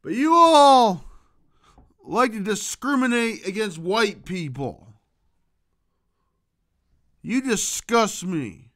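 Slow, bright-voiced rambling man. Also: high-pitched, expressive. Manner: rambling, shifts from loud outbursts to muttering. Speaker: vlogger. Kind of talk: rambling comedic monologue.

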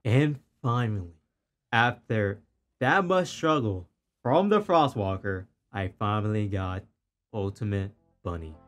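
A man reacting to his own gameplay for his channel. He mutters flatly, swears often and jumps into loud excited outbursts. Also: fairly low pitch, unhurried. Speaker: gaming channel host. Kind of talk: live gameplay reaction and commentary.

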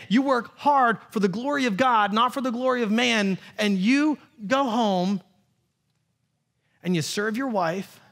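A man in his thirties, a pastor preaching a lively sermon and acting out quotes in playful voices. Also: high voice. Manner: animated, acts out quotes in funny voices. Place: church sanctuary.

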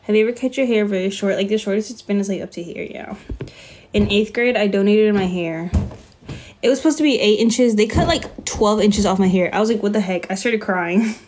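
A woman's voice: medium pitch, a little fast, darkish tone. Young woman, casual phone live stream, rambling and giggly, faint hiss behind. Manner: chatty, lots of "like" fillers, laughs often. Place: her bedroom.

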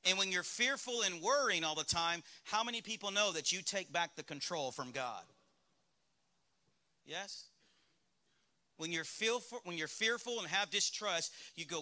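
Male pastor, Southern US accent, bright high voice, candid sermon in a church. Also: lively intonation, measured pace. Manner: candid, conversational preaching with rhetorical questions to the congregation. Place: church sanctuary.

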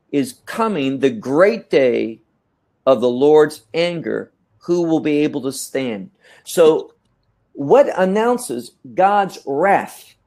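A man teaching scripture in a measured, emphatic way, often repeating words as he thinks. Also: on the high side, darkish tone. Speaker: Bible teacher. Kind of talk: teaching talk.

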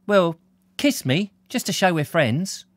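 Guy putting on a cheeky blonde girl, high and wheedling, begging him to stay. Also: expressive, slow, no echo, studio quality. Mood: pleading. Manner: pleading, cockney working-class speech. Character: brash young London blonde woman, coaxing.

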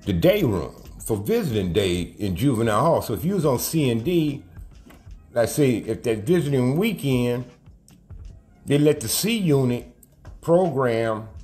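A man recounts his past in blunt, profane street slang. His pitch swings widely and his voice rises when he gets heated. Faint music plays underneath. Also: big pitch swings, measured pace, a little mellow. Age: 50s. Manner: profane street slang, says cuz constantly; heated, raises voice when agitated. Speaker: interviewee telling prison stories. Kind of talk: casual storytelling rant.

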